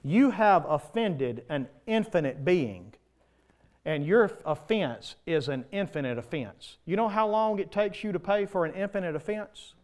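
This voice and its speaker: A man preaching a sermon in church, pleading and impassioned, swinging from loud swells to soft, quiet passages. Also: sits high, animated, a little slow.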